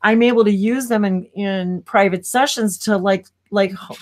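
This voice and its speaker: A woman chats loosely on a live stream, her thoughts spilling out in rambling loops. She keeps cutting herself off mid-sentence and breaks into quick laughs, heard over a video call. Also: medium pitch, darkish tone. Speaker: co-host of a live spiritual stream. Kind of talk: casual live-stream chat.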